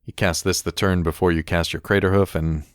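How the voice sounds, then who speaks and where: A low-voiced man chats wryly on a podcast, chuckling as he reads card text aloud. The recording is dry and close, with no room sound. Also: steady tone, fairly quick, dry recording. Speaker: podcast co-host. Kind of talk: casual chat reviewing game cards.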